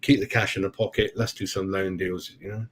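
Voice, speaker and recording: Chatty football fan rambling. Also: male voice, low voice, little pitch movement, a little fast, a little hiss or hum. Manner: rambling and chatty, calls people "mate", forgets names. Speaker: football fan channel host. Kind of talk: casual live-stream chat with viewers.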